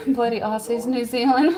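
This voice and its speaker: A woman's voice: high-pitched, dark tone. A woman hosting a livestream from home, chatting casually, reading viewer comments aloud and laughing often. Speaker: livestream host.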